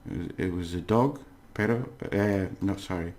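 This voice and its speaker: A man's voice: low-pitched, normal speed, darkish tone. A man teaching a casual language lesson, chatty and self-correcting, laughing at his own slips.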